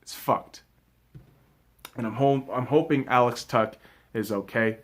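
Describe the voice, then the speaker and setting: A young man hosting his own hockey review, ranting with lots of swearing and swinging between shouted outbursts and low muttering. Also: a little slow. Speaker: sports video host. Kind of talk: angry solo hockey game review.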